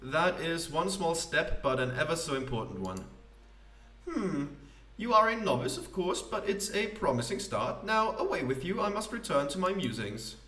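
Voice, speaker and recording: A flamboyant, self-important vagrant poet holds court in a game voice-over, put on by a man. The voice sits well above a plain speaking pitch and stretches its ornate sentences out grandly. The sound is roomy, as if picked up from a little away from the mic. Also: sing-song, bright, forceful tone, far from the mic. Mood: lofty. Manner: grandiloquent, theatrical, drawn-out phrasing.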